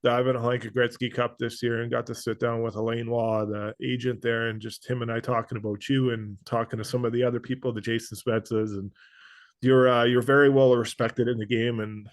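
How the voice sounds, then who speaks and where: A man hosting a podcast, speaking earnestly and haltingly, with many pauses and restarts. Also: medium pitch, flat delivery, dry recording. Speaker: podcast host. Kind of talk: casual interview chat.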